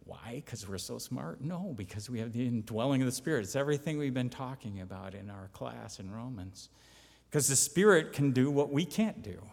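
A man's voice: medium pitch, vocal fry, darkish tone. Man preaching in a reverberant hall. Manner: conversational, emphatic, reads scripture aloud. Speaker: pastor or Bible teacher. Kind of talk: sermon.

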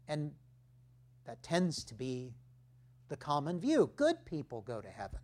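Male pastor preaching slow, big emphasis, goes soft and low for effect. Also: wildly swooping pitch. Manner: slow, emphatic preaching with dramatic drops in volume. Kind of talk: sermon.

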